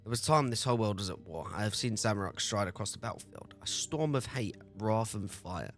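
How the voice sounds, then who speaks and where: A man's voice: lowish voice, expressive, a little fast, faint music behind. A man reading out an ancient weary sorcerer creature. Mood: weary, solemn. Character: ancient weary male demon-like sorcerer, formal.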